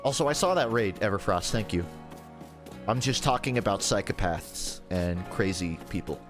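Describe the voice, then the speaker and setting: A man's voice: lowish voice, animated, normal speed, over music. A man streaming a video game, telling stories in a rambling, casual way with plenty of swearing. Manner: rambling, profane storytelling with laughs. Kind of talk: casual livestream chat while gaming.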